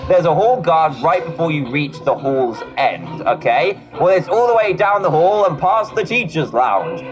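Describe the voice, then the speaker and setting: A man playing a game and commenting, reading its text aloud with jokes to himself. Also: a little high. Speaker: gaming video host. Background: background music.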